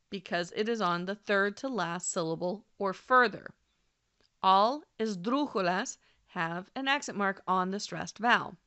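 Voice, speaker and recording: A woman narrating a scripted language lesson, speaking clearly and deliberately and slowing down to model example words. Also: mid-range voice, lively intonation, pushed and bright. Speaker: language teacher.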